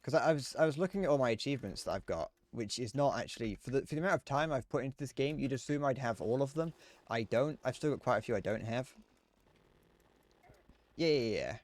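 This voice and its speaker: A man's voice: medium pitch, lively intonation, quick pace, dry recording. A young man streaming a game, rambling casually with frequent restarts and chuckles. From Britain. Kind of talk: casual gameplay commentary.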